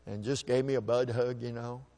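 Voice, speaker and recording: A man at a microphone tells an audience a personal story in a plain, folksy way. His voice sits at an ordinary middle pitch for a man. He often stumbles and repeats a word before pressing on. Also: steady tone, warm tone. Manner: folksy, halting, repeats words while restarting. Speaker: speaker telling a personal story.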